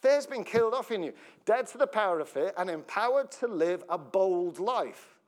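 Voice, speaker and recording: A man delivers a sermon as pastor at a moderate pace, his voice sitting high and sounding animated. He jokes and laughs a lot, his sentences sometimes fall apart halfway, and he chats with the congregation by posing questions.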